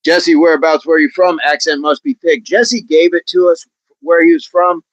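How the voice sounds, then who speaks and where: This livestream host, a middle-aged man, speaks at a moderate pace in a fairly high, steady voice. He laughs a lot, reads out viewer comments and repeats phrases for fun in a casual chat, and the low-quality recording has no echo.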